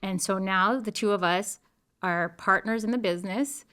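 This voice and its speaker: A middle-aged woman tells her story as a guest. Her voice has a bright, forward edge, and her delivery is emphatic and playful, with sudden quick bursts. She sits at a middling pitch for a woman. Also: smooth. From Colombia. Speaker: guest, real estate broker. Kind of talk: animated interview talk.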